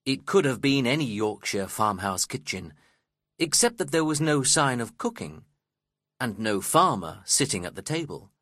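This male narrator voices a first-person novel with measured, expressive storytelling. He speaks at a medium pitch, and the scripted audiobook reading has clean studio sound without any room tone.

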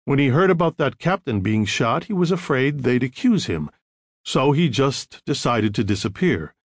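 A man voicing a calm, evasive male lawyer who speaks smoothly and in measured phrases in an audiobook reading. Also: mid-range voice, dry recording, studio quality. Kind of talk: audiobook narration.

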